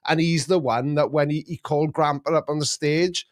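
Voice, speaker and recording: A man's voice: a little high, fairly even intonation, fairly quick, dry recording. Middle-aged male streamer, rambling chatty host, dry close sound. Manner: rambling, chatty, chuckles at his own jokes. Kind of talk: casual live-stream chat.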